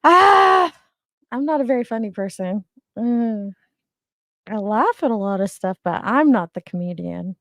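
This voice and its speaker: Chatty gravelly grandma streamer. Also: female voice, medium pitch, moderate pace, a little mellow, no room sound, studio quality. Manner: chatty, greets viewers, laughs often. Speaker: livestream host. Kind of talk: casual live chat.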